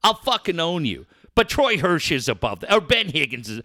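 A man's voice: a little high, big pitch swings, normal speed, pushed and bright, no room sound, clean studio sound. A man hosting a talk show, ranting angrily and swearing constantly. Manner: angry, profane, ranting. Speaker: sports radio host.

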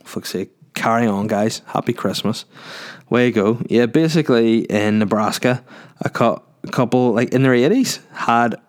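A man hosting a solo podcast in a rambling, jokey, sweary casual chat. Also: lowish voice. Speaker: podcast host.

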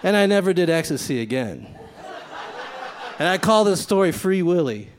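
A man's voice: high voice, very animated, moderate pace, noisy background. A man telling a personal story live in a casual, profane way, acting out the voices of the people in it. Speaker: storyteller at a live reading series.

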